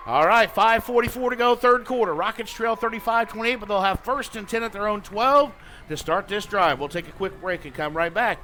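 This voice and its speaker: A man calling a high school football game live on radio as play-by-play announcer, with quick play calls that climb to shouts on big plays. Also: slight background noise, poor audio. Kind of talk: live radio sports commentary.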